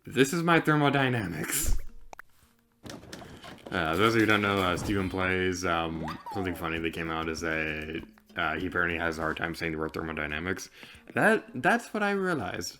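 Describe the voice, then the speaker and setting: A man's voice: low-pitched, lively intonation, moderate pace, bright, forceful tone, faint music behind. A young man with a slight lisp, chatting casually while commentating a game he plays. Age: young adult. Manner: chatty and rambling, heavy use of "like". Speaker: let's player.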